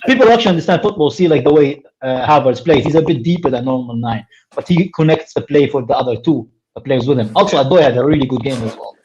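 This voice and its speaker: Fast-talking man on a dull line. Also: medium pitch, a little mellow, slight background noise. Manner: rambling, filler-heavy, swears. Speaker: podcast co-host. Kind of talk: casual football chat.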